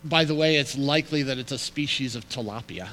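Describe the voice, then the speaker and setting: A man preaching a sermon in an animated, humorous, conversational way. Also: mid-range voice, fairly quick, slight background noise, rough recording. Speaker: pastor.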